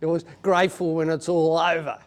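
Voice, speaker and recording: A man's voice: on the high side, level tone, a little fast. A man, a player's father, plainly recounting moments from a football final. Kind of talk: casual interview.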